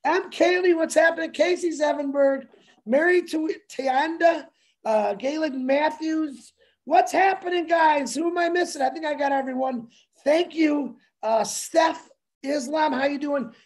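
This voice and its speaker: Excitable high-voiced man hyping viewers. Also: measured pace. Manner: excitable, joking, shouts shout-outs to viewers. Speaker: co-host. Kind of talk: energetic livestream banter.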